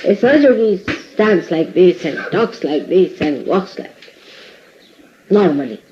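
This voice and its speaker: A woman's voice: lowish voice, animated, measured pace, noisy background. A woman spiritual teacher giving a talk to her followers, scolding them in a playful way and laughing often. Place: indoor ashram hall. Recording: dull lo-fi 1980s tape recording.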